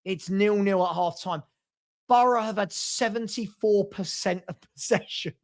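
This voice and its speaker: A man in middle age with a London accent runs a relaxed live stream, chatting between football scores and viewer messages. His voice sits high for a man. He talks in a loose, offhand way. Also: measured pace. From South London. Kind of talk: casual live-stream chat.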